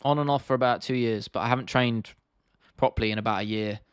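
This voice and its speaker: Young male streamer, mid-pitched, easygoing and sweary, dry close mic. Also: fast, clear, resonant tone, no room sound. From United Kingdom. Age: 20s. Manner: laid-back, sweary, laughs often. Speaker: livestream host. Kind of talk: casual livestream Q&A.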